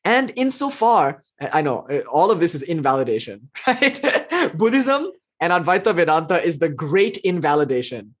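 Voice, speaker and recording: A man giving a casual spiritual talk, telling stories and acting out quotes with big jumps in pitch. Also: sing-song, moderate pace, hardly any pauses. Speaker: spiritual teacher.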